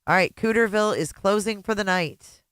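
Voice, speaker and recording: A woman hosts a casual livestream and chats with her viewers in a joking, teasing way. Her voice is smooth and clear. The sound is dry and close to the mic. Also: mid-range voice, brisk, fairly bright tone, dry recording. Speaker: host.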